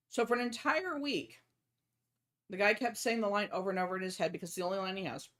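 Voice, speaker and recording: A woman's voice: medium pitch, fast talker. A young adult woman streaming a game, chatting casually and telling a joke with lots of laughter and swearing. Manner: laughs often, swears, lively storyteller.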